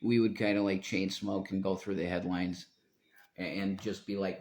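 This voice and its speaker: A man with a low-pitched voice rambles through a live stream, drifting between thoughts and swearing freely. He often trails off mid-sentence. The sound is roomy, with a clear echo around his voice. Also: level tone, moderate pace, a little mellow. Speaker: livestreamer.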